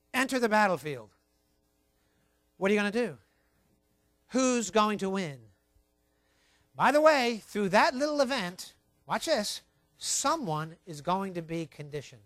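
A male Bible teacher delivers a sermon-style lesson, pressing each point and repeating the key phrases. His voice sits high for a man. The sound is dry and close. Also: fairly bright tone, no echo.

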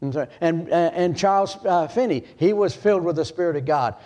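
Older male pastor from Michigan, slightly high voice, storytelling sermon that swings from hushed to loud. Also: fairly quick.

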